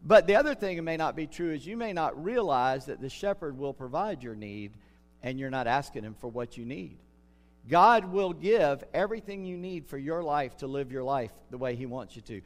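Older man, pastor preaching, earnest, slightly high voice, long hall echo. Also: expressive. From United States. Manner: earnest, slows down to stress key words. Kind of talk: sermon.

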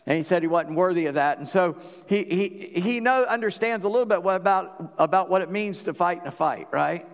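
A middle-aged pastor preaches in a relaxed, folksy way, stumbling over and restarting his phrases as he goes. His voice sits a little high for a man. Long reverb from a large church hall trails each phrase. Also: fairly quick. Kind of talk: sermon. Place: church sanctuary.

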